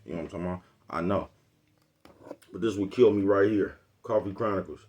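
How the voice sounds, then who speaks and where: On his own channel, a man vlogs in a casual, rambling way, his low voice moving fairly quickly through a muffled recording. He comes across as relaxed and boastful, chuckles between lines, and keeps checking whether you know what he means.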